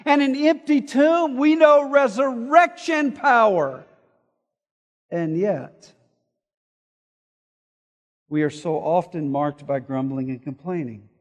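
A man preaching an expository sermon, explaining word meanings and reading scripture aloud, moving between loud emphasis and quiet asides. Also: sits high, slow pace, long pauses. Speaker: pastor. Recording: hall reverb.

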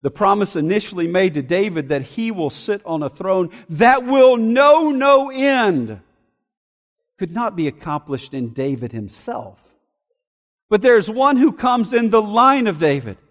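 High-voiced man preaching in a hall. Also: big pitch swings, measured pace. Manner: emphatic preaching, shifting between loud declarations and quiet asides. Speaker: pastor. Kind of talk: sermon.

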